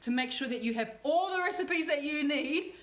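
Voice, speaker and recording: A woman hosts a livestreamed cooking demo in a bubbly, effusive way. Her voice sits a little high for a woman. She tends to circle back and repeat her words. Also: expressive, normal speed, fairly bright tone. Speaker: cooking show host.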